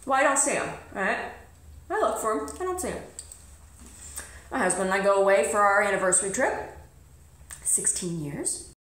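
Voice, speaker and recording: A woman's voice: mid-range voice, animated, normal speed, pauses often, a bit bright. A woman vlogger telling a personal story in a blunt, emphatic way, swearing freely. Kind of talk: casual storytelling to camera. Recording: roomy echo.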